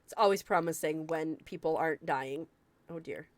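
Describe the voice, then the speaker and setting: A woman chatting casually with viewers during a live game stream, excitable and quick to gasp and laugh. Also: low voice. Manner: excitable, gasping and laughing often. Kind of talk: casual live-stream chat while gaming.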